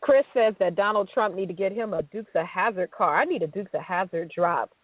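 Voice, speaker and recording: A woman's voice: medium pitch, fairly quick, no room sound. A woman co-hosting a casual radio talk show, chatty and upbeat, often laughing. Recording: dry, tinny phone-like sound.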